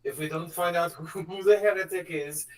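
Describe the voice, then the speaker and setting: A man voicing a brash, pushy female raider boss who speaks halting, broken English in a mock Italian accent. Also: on the high side, steady tone, distant mic, pitched above the performer's own voice, close to an everyday voice. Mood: cheerfully menacing.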